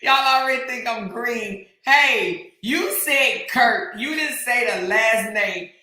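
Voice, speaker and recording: A woman's voice: a little high, slow, pushed and bright. A woman hosting a livestream, reading chat to her viewers in slang and laughing so hard she is in tears and keeps breaking off mid-sentence. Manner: talks straight to her viewers with lots of slang. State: crying with laughter. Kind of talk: casual chat. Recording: very echoey room.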